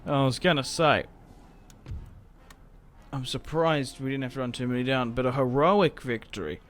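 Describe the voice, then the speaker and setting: A young man giving casual, rambling game commentary, self-mocking and prone to sudden excited outbursts. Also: mid-range voice, moderate pace. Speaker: gaming YouTuber. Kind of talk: casual Let's Play commentary. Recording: game music playing faintly behind.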